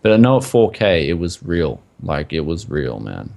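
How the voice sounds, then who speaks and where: A man's voice: low voice, very animated, normal speed, vocal fry, a little mellow. A man co-hosting a casual tech podcast who rambles and fills his talk with "like" and "man". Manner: rambling, full of likes and mans. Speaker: podcast co-host.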